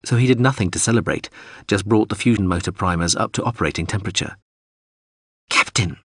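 Deep, husky male audiobook narrator. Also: fast talker, dry recording, clean studio sound. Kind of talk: scripted narration.

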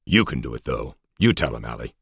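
A man's voice: a bass voice, sing-song, brisk, creaky, fairly bright tone, husky, no room sound, exaggerated voice. A man voicing a surly, short-tempered guardian archon in an audiobook, snapping with belligerent speech. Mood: snappish. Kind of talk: audiobook character voice.

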